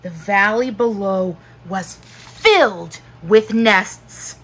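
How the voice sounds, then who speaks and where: A woman teacher narrating a children's book aloud in a slow, expressive storytelling manner. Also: medium pitch, breathy edge, poor audio.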